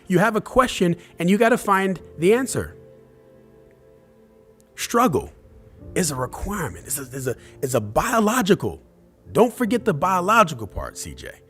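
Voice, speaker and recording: A man's voice: fairly high pitch, fairly bright tone. A man giving a live motivational talk, emphatic and repeating his key phrases as he speaks straight to viewers. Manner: addresses viewers directly.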